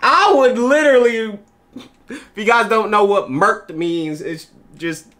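Slangy, laughing reaction host. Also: male voice, high voice, a little slow, sharp tone. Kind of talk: casual reaction commentary.

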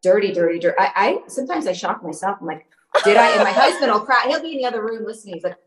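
A woman's voice: mid-range voice, expressive, rapid-fire, reverberant, low-quality recording. A woman guest chatting on a podcast, a bubbly storyteller who laughs often. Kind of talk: casual podcast chat.

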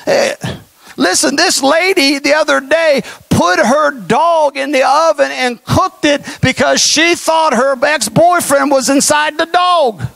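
Impassioned high-pitched preacher man. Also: unhurried, creaky, dry recording. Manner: impassioned, folksy, animated preaching with mocking asides. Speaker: pastor. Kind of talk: sermon.

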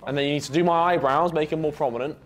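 A young man giving quick, bossy instructions during a makeup challenge. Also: fairly high pitch, fairly even intonation. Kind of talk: casual banter. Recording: clip with background music. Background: music.

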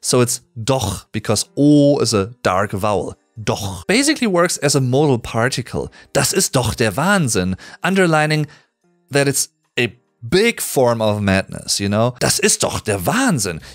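German-accented male teacher, animated and explanatory, very lively pitch, dry close sound. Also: normal speed, no room sound, faint music behind. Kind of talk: explaining language.

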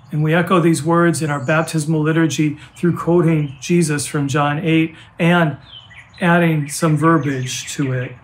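An older man, a pastor and grandfather, preaching a heartfelt sermon with earnest, halting restarts. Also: a little high, a little hiss or hum.

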